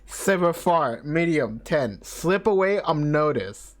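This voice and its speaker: A man's voice: on the high side, animated, slow pace. A man streaming a video game, giggling and reading the on-screen text aloud in casual commentary. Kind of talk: casual let's-play commentary.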